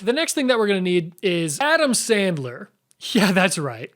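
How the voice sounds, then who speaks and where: Casting: young male online host, high voice, playful snark, faint music behind. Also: big pitch swings, moderate pace. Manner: sarcastic, jokey, talks straight to the viewer. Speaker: YouTube host. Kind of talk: comedic video commentary.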